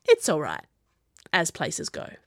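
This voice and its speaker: A woman voicing a gruff older male army sergeant who talks in clipped, weary phrases. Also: deep voice, huge pitch swings, takes it slowly, a bit bright, dry recording, studio quality, pitched below the performer's own voice, heavily acted.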